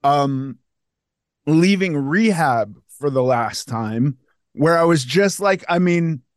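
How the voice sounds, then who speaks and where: A man's voice: fairly high pitch, expressive, takes it slowly, no room sound, studio quality. A man hosting a podcast, chatting candidly and conversationally, restarting his sentences often. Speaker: podcast host. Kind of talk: casual chat.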